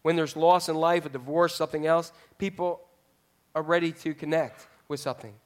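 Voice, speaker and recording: A man's voice: on the high side, fairly even intonation, a little fast. A male pastor preaching a sermon in a conversational way, often putting questions to the congregation.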